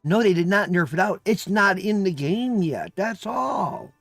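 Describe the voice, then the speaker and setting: A man's voice: sits high, animated, measured pace, fairly bright tone, no echo, soft background music. A man chatting casually on a live stream, emphatic and profane, ranting with exasperation.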